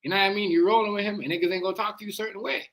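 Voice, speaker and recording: A man with a Jamaican accent riffs through a casual reaction stream. His voice sits high for a man and has a bright, forceful edge. He talks in slang, leans hard on his points and keeps checking in with "you know what I mean". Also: fairly even intonation, very fast. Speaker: livestream reaction host.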